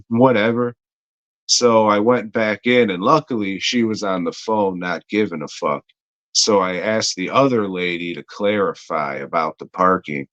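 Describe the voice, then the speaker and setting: Low-voiced man ranting, profane and rambling. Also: normal speed, fairly bright tone, dry recording, lo-fi sound. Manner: rambling and heavily profane, frequent fillers. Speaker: podcast co-host. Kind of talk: casual storytelling chat.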